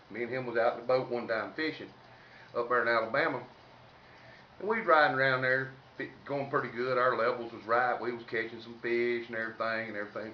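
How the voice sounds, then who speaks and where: A man's voice: mid-range voice, slight background noise. A man with a Southern US accent telling a rambling comic story in a folksy way, padding it with "and everything". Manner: folksy, repeats fillers like "and everything". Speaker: comedian. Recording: roomy, distant, dull lo-fi.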